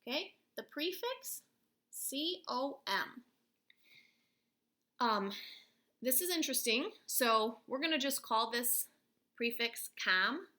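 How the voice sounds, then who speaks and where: A woman's voice: on the high side, lively intonation, pushed and bright. A woman teacher giving a recorded phonics and spelling lesson, patiently spelling out letters and sounds. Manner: patient, slow letter-by-letter explaining.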